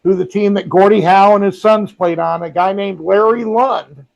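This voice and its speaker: A man's voice: sits high, steady tone, moderate pace, gravelly, a little mellow, highs cut off. A man co-hosting a podcast from home, telling rambling anecdotes in casual chat with frequent ums and restarts. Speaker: podcast co-host. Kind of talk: casual storytelling. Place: home with a robot vacuum running.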